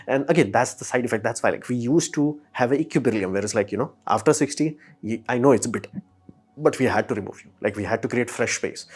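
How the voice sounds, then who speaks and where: Host, male, mid pitch; informal, emphatic opinion talk, swears lightly. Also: darkish tone. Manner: emphatic, fires rhetorical questions. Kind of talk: casual opinion monologue.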